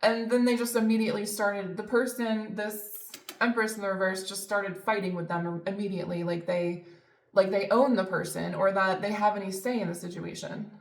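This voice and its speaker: A woman's voice: medium pitch, fairly even intonation, brisk. A woman giving a casual tarot reading, chatty and emphatic, with lots of fillers and the odd swear word. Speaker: tarot reader. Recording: echoey room.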